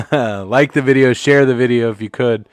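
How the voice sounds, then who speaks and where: A man's voice: mid-range voice, fairly even intonation, unhurried, clear, resonant tone, no echo. A man hosting a casual live sports commentary stream, joking and swearing as he rambles, a bit tipsy from drinks. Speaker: livestream host.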